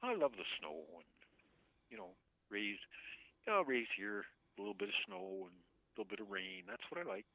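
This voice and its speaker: A man calling in to a late-night show, chatting casually and rambling, often chuckling and trailing off softly. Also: fairly low pitch, very animated, normal speed. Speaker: caller. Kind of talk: casual call-in chat. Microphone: phone. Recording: tinny phone line.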